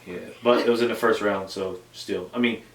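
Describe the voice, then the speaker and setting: A woman's voice: very deep voice, fairly even intonation, fairly quick. A woman hosting a casual sports review show, rambling with many fillers and restarts. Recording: echoey room, mic far off.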